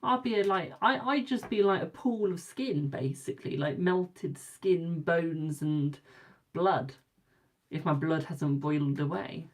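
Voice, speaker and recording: A woman's voice: deep voice, a little slow. A young English woman hosting a live tarot stream, chatting casually and teasing her viewers as she reads their comments. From England.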